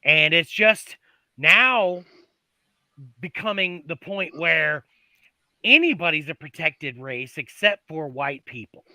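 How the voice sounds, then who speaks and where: Very bright, animated man on a call. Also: on the high side, takes it slowly, dry recording. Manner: quiet, self-deprecating. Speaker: caller joining the panel. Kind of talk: casual online panel chat.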